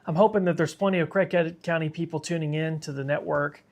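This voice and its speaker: A man's voice: a little high, steady tone, fast, a little mellow. A man hosting a live severe weather stream, tired and sick, talking casually and reading viewer comments aloud. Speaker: weather livestream host.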